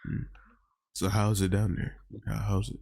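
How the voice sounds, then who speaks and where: Male host, loose and rambling, fillers everywhere, slightly low voice, dry close sound. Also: level tone, a little slow, vocal fry, darkish tone, no room sound. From Georgia. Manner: rambling, many "like" and "I mean" fillers. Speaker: podcast host. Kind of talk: casual chat. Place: virtual reality chat room.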